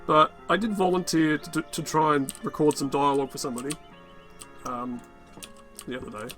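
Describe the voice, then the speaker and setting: A man with a raspy, worn-out voice giving rambling, casual gameplay commentary, muttering to himself and swearing often. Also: on the high side, fairly even intonation, a little fast, a bit bright, soft background music. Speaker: gaming channel host.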